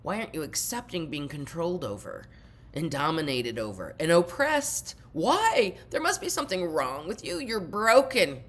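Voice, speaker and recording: A woman imitating a harsh, dismissive mother who loudly berates her child. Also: on the low side, very animated, moderate pace, voice pushed up. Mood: berating. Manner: loud, berating.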